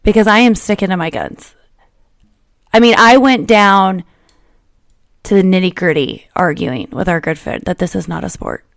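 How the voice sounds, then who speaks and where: A woman's voice: lowish voice, vocal fry, dry recording, clean studio sound. A woman in her thirties hosting a podcast, chatting casually and teasing her guest. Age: 30s. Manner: teasing, playful, quick to laugh. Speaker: podcast host. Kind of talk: casual chat.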